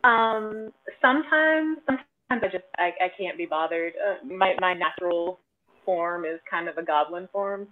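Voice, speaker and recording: A woman's voice: fairly low pitch, normal speed. A woman guest in a casual chat, telling self-deprecating stories with lots of giggling. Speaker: cosplay guest. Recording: tinny phone-like line.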